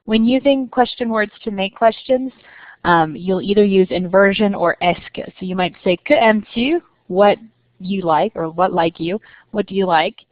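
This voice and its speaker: A woman's voice: fairly low pitch, no echo. Woman teacher, patient explainer, dry close sound, slightly dull recording. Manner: clear, patient explaining with slow stressed examples. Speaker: French teacher. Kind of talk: recorded lesson narration.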